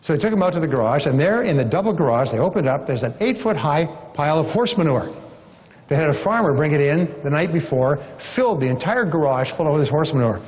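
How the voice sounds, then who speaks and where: A man with a slightly high, animated voice speaks at a quick pace while giving a motivational seminar speech in a large hall. He's encouraging and repetitive, telling a story to drive home his point, on a dull lo-fi recording with long hall reverb.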